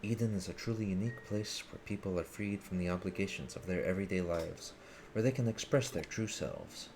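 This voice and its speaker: A man's voice: sits low, lively intonation, brisk, vocal fry, noisy background. A man reading the lines of an earnest, idealistic young male hacker leader in a formal, solemn way. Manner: formal, solemn speeches read aloud. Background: game music.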